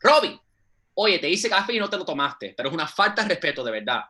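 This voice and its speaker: A man's voice: very high voice, expressive, racing, bright, forceful tone, slight background noise, voice pushed up, full character voice. A man voicing a pushy, doting grandmother in her nineties who fusses and scolds. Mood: nagging. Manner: insistent, scolding fussing in Spanish.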